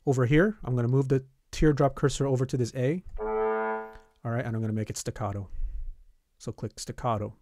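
A man, a band teacher, walking students step by step through a music notation program, often pausing with "okay" and "all right". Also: medium pitch, steady tone, darkish tone. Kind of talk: screen-recorded software tutorial.

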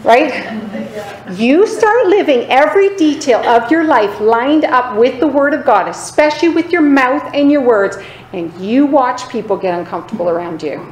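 A woman preaching with a fairly high voice, pressing her points and checking in with her listeners as she goes. She slips into lower, quieter voices to mimic other people. The room echoes, and faint noise sits underneath. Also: lively intonation, normal speed. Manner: emphatic, repeatedly asking "Right?" for agreement. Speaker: Bible teacher. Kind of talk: sermon.

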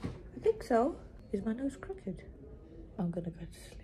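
A woman vlogging to her phone camera in a hospital room, talking expressively and often dropping to a hushed whisper. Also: fairly high pitch, very animated, moderate pace, slight background noise, poor audio. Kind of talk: casual vlog talk to camera. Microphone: phone camera propped nearby.

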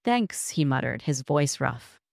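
A woman narrating a first-person story in a measured, reflective way. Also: low voice, no room sound, studio quality.

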